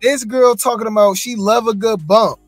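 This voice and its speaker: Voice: medium pitch, steady tone, normal speed, no echo, soft background music. A gossip commentary host reacting to clips, chatty, slangy and incredulous.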